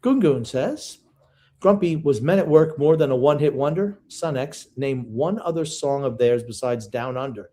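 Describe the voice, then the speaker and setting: An older man co-hosting a casual sports podcast, gruff and opinionated, reading listener comments and ribbing his co-host. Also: mid-range voice, animated, normal speed, mellow.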